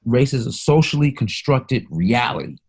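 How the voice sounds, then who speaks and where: A man's voice: mid-range voice, very animated, normal speed, vocal fry, breathy edge. A man talking in a casual podcast conversation, speaking emphatically, swearing freely, and mixing stories into his argument. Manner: emphatic, profane, storytelling.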